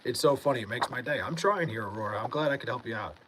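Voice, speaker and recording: A young man from Long Island, high and laid-back, reading comments aloud in a casual livestream and swearing freely. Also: quick pace, a bit bright, slight background noise, poor audio. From Long Island, New York.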